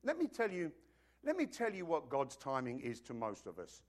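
A man's voice: on the high side, huge pitch swings, normal speed. A man preaching a sermon in a conversational way, acting out little scenes and dropping joking asides to the congregation.

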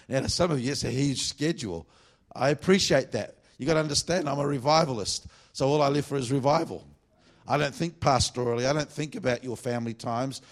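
Fervent revivalist preacher man. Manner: swings between loud fervent bursts and low confiding asides. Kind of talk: sermon. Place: church meeting.

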